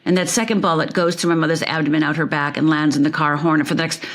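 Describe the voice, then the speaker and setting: A woman's voice: low-pitched, fairly even intonation, fast. A woman from Upper Michigan telling her life story as an interview guest, vivid and emphatic, repeating phrases for effect.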